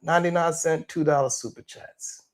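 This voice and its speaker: A man's voice: a little high, moderate pace. A man hosting a morning show livestream, chatting casually and joking as he talks straight to his viewers.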